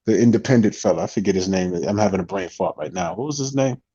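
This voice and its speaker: A man's voice: deep voice, lively intonation, fast, warm tone, husky. A man talking casually on a boxing panel, loose and profane, rambling through restarts. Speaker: boxing talk show panelist. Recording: dull lo-fi stream audio.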